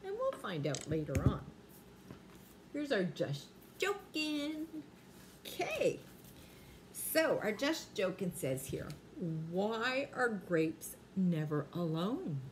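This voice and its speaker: A woman's voice: mid-range voice, big pitch swings, takes it slowly, slight background noise. An older woman reading aloud at bedtime to her grandchildren, playful and drawing out the punchlines. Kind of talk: bedtime read-aloud for young children.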